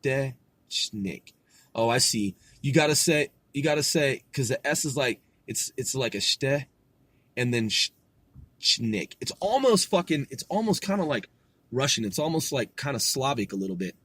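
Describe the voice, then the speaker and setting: In a relaxed solo podcast, the host swears, rambles, gets excited, laughs at himself and stumbles over foreign terms. His mid-range voice is husky and fairly quick, with no echo.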